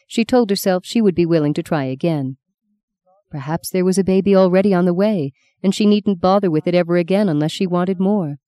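A woman reading a novel aloud in a steady, measured narration. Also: lowish voice, clean tone, dry recording. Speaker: audiobook narrator. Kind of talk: scripted narration.

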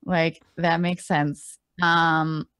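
A woman's voice: low-pitched, level tone, drawn-out words, fairly bright tone, smooth. A woman playing a tabletop game, casual and swearing, with a self-mocking manner. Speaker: player.

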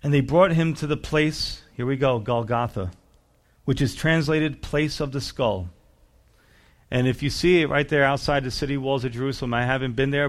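A male pastor delivering a sermon in an expressive preaching manner. He reads scripture aloud and acts out the voices of the people in it, pushing his questions upward for emphasis. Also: medium pitch.

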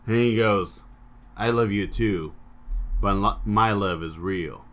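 A man co-hosting a comedy podcast, loud and profane, slipping into mock rants and silly voices. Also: lowish voice, takes it slowly. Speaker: podcast co-host. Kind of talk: crude comedic podcast banter.

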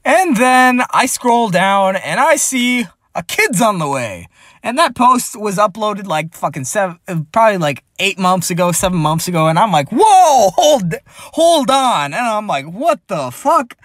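A man's voice: sits high, animated, normal speed, sharp tone, no room sound. Rambling, profane man, dry close sound. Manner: rambling, crude and profane, heavy filler phrases. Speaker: vlogger. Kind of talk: rambling personal monologue.

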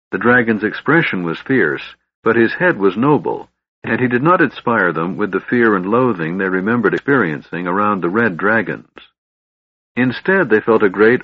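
Male fantasy narrator: low, husky, lively reading, lo-fi dry sound. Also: no echo. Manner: expressive storytelling. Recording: dull, dry lo-fi recording.

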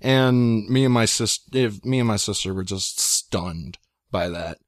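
A young man telling a long story in casual chat, rambling and excitable, with many fillers. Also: fairly low pitch, a little slow, no room sound, clean studio sound. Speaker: guest storyteller.

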